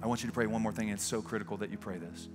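A man's voice: fairly low pitch, fairly even intonation, racing, long reverb tail, over music. A man preaching as a pastor, leading an altar call and prayer in an earnest, pleading way inside a large church. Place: large church sanctuary with balcony.

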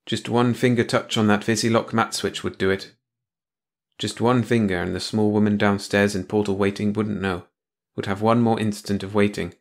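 Man, audiobook narrator, low voice, steady, measured story reading.

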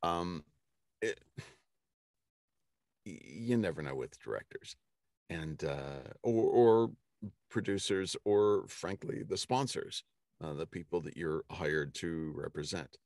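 A middle-aged man, an audiobook narrator, telling stories in a casual interview with many pauses and fillers. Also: extremely low pitch, expressive, a little mellow, dry recording, studio quality. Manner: unhurried storytelling with many fillers and restarts. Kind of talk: casual anecdotal conversation.

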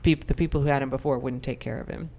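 A young adult woman co-hosting a podcast, telling stories in animated, casual chat full of fillers. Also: rumbling low, fast. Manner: animated, chatty storyteller with many fillers. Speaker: podcast co-host.

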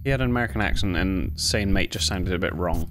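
A man's voice: low-pitched, fast talker, over music, poor audio. A young man giving jumpy, self-mocking commentary while playing horror games, with sudden yelps. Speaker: gaming video host.

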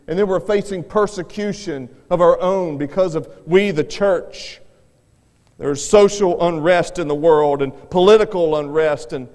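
Repeating words as he launches each phrase, an earnest evangelist delivers a revival sermon. The fairly high-pitched, darkish voice echoes with long church reverb in the sanctuary.

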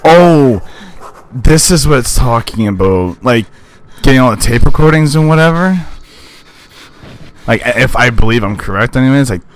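Young man, deep voice, gaming commentary, rambling, self-conscious, animated pitch. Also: normal speed, pauses often. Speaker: gaming YouTuber. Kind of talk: casual let's-play commentary.

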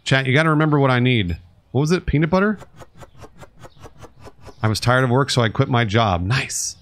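A man streaming a store game and talking to his chat, sarcastic and grumbling with plenty of swearing. His pitch swings widely from low mutters to high outbursts, in casual live commentary. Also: expressive, moderate pace, a bit bright. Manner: talks to chat and customers. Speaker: streamer playing a store sim.

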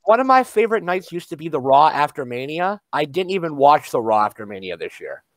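A laid-back male podcast host chats casually and asks his guest questions. His pitch moves up and down a lot as he talks. The sound is dry and close. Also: very animated, brisk, dry recording. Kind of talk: casual chat.

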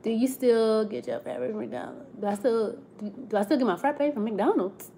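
A woman's voice: a little high, normal speed, warm tone, slight background noise. A woman, chatting casually on a live stream, reading comments and laughing often. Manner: chatty, laughs often, Southern slang like "child" and "y'all".

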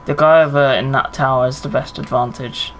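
A man's voice: medium pitch, steady tone, fairly quick, a bit bright, slight background noise, low-quality recording. A man streaming a battle royale game, chatting with viewers and commenting on his play, swearing under pressure. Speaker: gaming streamer. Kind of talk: live gameplay commentary.

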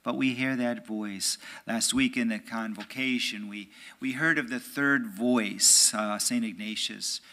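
A priest, an American man, giving a conversational homily in church. He keeps checking in with "right?" and sometimes drops to a hushed, near-whispered voice. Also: medium pitch, steady tone, measured pace, hardly any pauses. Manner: conversational, often asks "right?". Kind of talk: homily at a prayer meeting.

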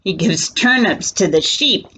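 A woman reading a children's picture book aloud, gentle and expressive. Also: mid-range voice, measured pace, noisy background. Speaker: storybook reader.

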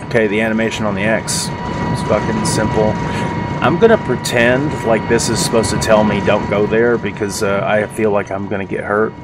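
A man giving casual, profane let's-play commentary with a rough-sounding voice, rambling and sarcastic. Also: fairly low pitch, steady tone, normal speed, very noisy. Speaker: gaming video host.

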